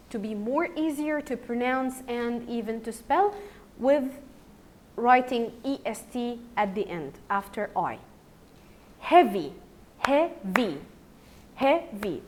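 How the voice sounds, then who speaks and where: Egyptian woman, primary English teacher; slow, drilling delivery, lively rising and falling pitch. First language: Arabic. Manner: slow, repeats words for drilling. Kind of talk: recorded grammar lesson.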